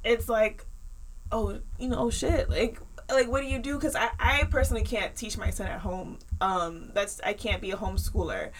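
A woman's voice: mid-range voice, steady tone, normal speed, hardly any pauses, poor audio. A woman who is a parent, talking in a chatty, rambling way with many fillers in casual conversation.

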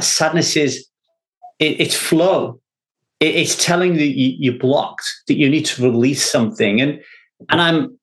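A man hosting a podcast, talking earnestly in a rambling, repetitive way. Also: mid-range voice. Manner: earnest, rambling, repeats words when thinking. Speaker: podcast host. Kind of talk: casual podcast chat.

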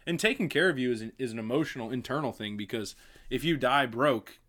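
Young dude cohost, earnest encouraging chat about faith. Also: male voice, medium pitch, fast talker, a bit bright. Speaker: podcast co-host. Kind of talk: casual chat.

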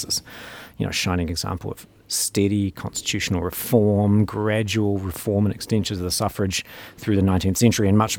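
A man with a New Zealand accent who hosts an academic interview podcast and asks questions in a measured, thoughtful way. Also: fairly low pitch, darkish tone, dry recording. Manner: measured, thoughtful, with small restarts. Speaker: podcast host, professor.

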